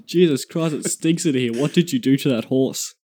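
A man's voice: mid-range voice, moderate pace, dark tone. A man who is a guest on a casual podcast, joking around and laughing often.

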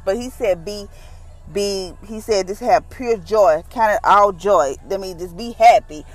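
Woman, casual devotional talk, folksy and relaxed, medium pitch, faint music behind. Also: a little slow, rough recording. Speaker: devotional podcast host.

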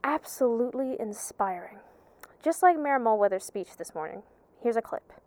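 A woman playing a small-town radio news anchor in an audio drama, reading the news flatly. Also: fairly high pitch, moderate pace, natural voice.

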